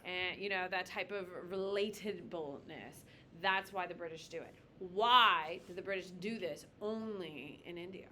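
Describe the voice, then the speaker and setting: A woman's voice: lowish voice, measured pace, sharp tone, a little hiss or hum. Blunt, joking woman teaching a class. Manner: blunt, joking, calls on students by name. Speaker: high school history teacher. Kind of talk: classroom lecture with questions.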